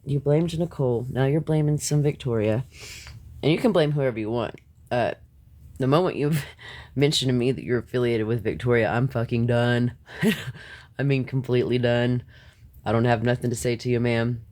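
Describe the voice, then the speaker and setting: Hosting a live stream, a man rants at his viewers bluntly and confrontationally, swearing freely, talking back to chat, and laughing between points. His mid-range voice is steady and a little mellow, and he speaks fairly quickly.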